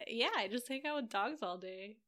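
A woman's voice: fairly high pitch, animated, normal speed, bright, forceful tone. A woman co-hosting a podcast, chatting casually and reacting with joking interjections. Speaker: podcast co-host. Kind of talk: casual chat.

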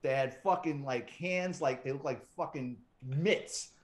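A man's voice: mid-range voice, a little slow. A middle-aged man, a retired police detective, telling stories as an interview guest in a casual, profane, wisecracking way and acting out other people's quotes. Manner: profane, wisecracking storyteller who acts out quotes.

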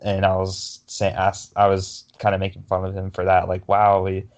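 A man's voice: sits low, completely flat delivery, normal speed, darkish tone. A young man co-hosting a sports podcast, telling a story in a rambling way with lots of fillers and restarts. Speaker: podcast co-host. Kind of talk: casual sports chat.

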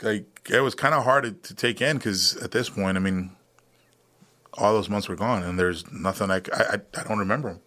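A man's voice: lowish voice, brisk, pushed and bright. A young man, a guest in a casual interview, telling a long personal story with many fillers and restarts.

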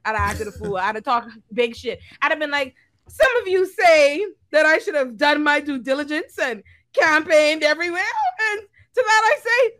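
A woman chatting on a podcast panel, telling profane, slangy stories that swing from low asides to loud laughing shouts. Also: lively intonation, moderate pace, no room sound. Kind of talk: casual podcast chat.

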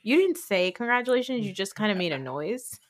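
With a medium pitch that swings widely, a woman in her thirties talks briskly on the podcast she hosts. Her New Jersey accent marks her as from the United States, and her chat is loose, rambling, and filler-heavy. The sound is dry, studio-quality recording.

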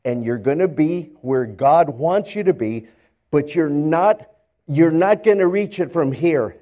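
A man voicing God, speaking slowly and patiently to Joseph in a sermon retelling. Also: on the high side, expressive, dark tone, lo-fi sound, voice pushed down. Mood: reassuring. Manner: slow, measured, reassuring.

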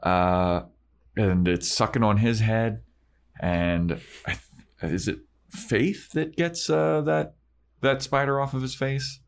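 A podcast co-host casually recaps an episode, retelling its scenes and acting out the characters' lines in quick snippets, storytelling as he goes. His medium-pitched voice is creaky yet clear, with a resonant tone.

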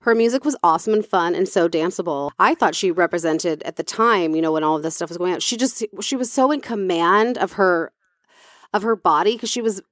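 A woman's voice: lowish voice, brisk, no room sound. Chatty woman with a dry close sound. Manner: chatty, many fillers and restarts. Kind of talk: casual chat.

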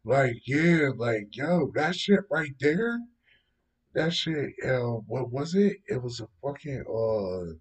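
A man with a mid-range, animated voice hosts a casual show, taking his time as he reacts to news stories. He's dismissive and swears heavily, rambling with fillers like "yo" and "know what I mean." He sounds distant from the mic.

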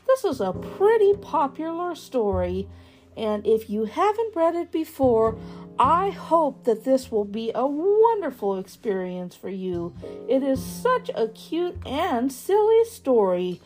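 A woman reading a children's picture book aloud, slowly and expressively. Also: high-pitched, faint music behind. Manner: slow, lively and expressive. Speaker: storybook reader.

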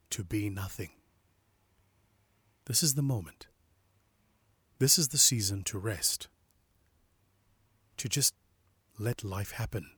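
A young man speaks slowly and deliberately in a reflective spoken meditation, his voice husky and breathy. He leans softly on key words and at times falls to a whisper. The sound is close and dry with no room around it. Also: medium pitch, dry recording. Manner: slow, measured, softly emphatic, sometimes whispering. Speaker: inspirational speaker.

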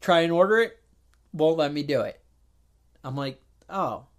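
Animated, higher-voiced male podcast storyteller. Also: measured pace. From New York. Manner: animated storyteller, acts out phone calls, gets exasperated. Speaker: podcast co-host. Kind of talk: casual chat.

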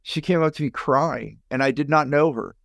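A middle-aged man, a business coach and podcast guest, telling his life story in an animated way and jumping up in pitch when he acts out other people. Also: moderate pace, vocal fry, dry recording, studio quality. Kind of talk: personal storytelling in an interview.

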